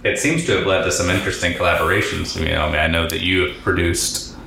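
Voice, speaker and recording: A man's voice: sits low, fairly even intonation, quick pace, gravelly, bright, forceful tone. A man hosting a podcast interview, asking questions and giving brief affirmations to his guest. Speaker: interviewer host. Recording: very echoey room with faint background noise.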